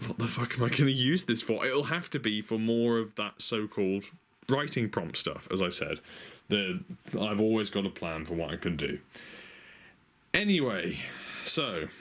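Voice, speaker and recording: A man in casual chat as a vlogger, excitable, thinking aloud, exclaiming and swearing now and then. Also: fairly low pitch, slight background noise. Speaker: vlogger showing stationery.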